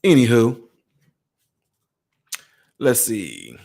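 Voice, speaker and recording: A man vlogging a casual commentary rant, animated and sarcastic, with frequent stammered restarts. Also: mid-range voice, very slow, gravelly.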